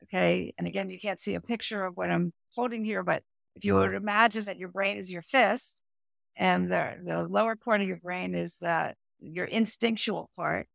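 Woman, middle-aged, coach in a podcast interview, explanatory, animated, gravelly voice. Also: on the low side, moderate pace, no room sound, clean studio sound. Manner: animated, explanatory, talks with her hands. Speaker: executive performance coach and therapist. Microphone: remote audio, no camera.

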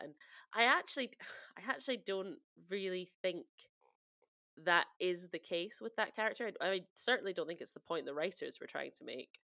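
A woman's voice: on the low side, expressive, normal speed, a bit bright, dry recording, studio quality. A woman co-hosting a podcast in casual chat, talkative and prone to laughing. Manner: chatty, giggly, lots of fillers. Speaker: podcast co-host.

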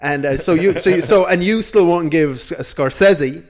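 Man, podcast co-host, teasing, sarcastic, swears a lot, slightly high voice. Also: normal speed. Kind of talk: casual comedic banter.

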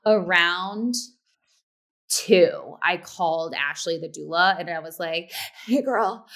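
A woman in her thirties, a podcast co-host chatting casually and acting out quoted lines with sudden pitch jumps. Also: slow pace, fairly bright tone. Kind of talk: casual chat.

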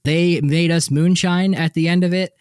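A young man co-hosting a podcast, telling stories in a casual, animated way with lots of laughter. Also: normal speed, clear, resonant tone, dry recording, clean studio sound. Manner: animated, laughing, frequent likes and jumpy pitch. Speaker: podcast co-host. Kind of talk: casual storytelling chat.

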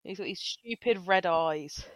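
A woman's voice: lowish voice, a little slow, no room sound, poor audio. A woman co-hosting a podcast in casual comedic chat, exaggerated and exasperated in her jokes. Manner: exaggerated, exasperated and jokey, with frequent laughter. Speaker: podcast co-host.

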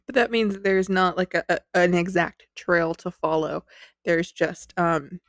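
A woman's voice: on the low side, fairly even intonation, unhurried, no echo. A woman hosting a podcast, telling a story in a chatty, giggly, self-deprecating way into a close mic. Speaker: podcast host.

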